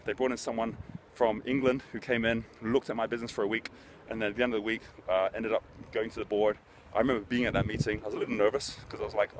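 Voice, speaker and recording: Middle-aged man, motivational host, fast-paced, earnest storytelling, faint noise behind. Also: lowish voice, flat delivery. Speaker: host, business speaker. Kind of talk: motivational talk to camera.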